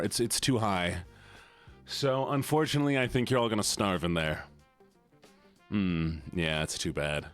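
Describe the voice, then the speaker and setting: A man's voice: expressive, a little slow, fairly bright tone, soft background music. A man live-streaming in a playful, teasing way, chatting with his viewers. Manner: playful, teasing, squeals high when mock-upset. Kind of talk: casual live-stream chat.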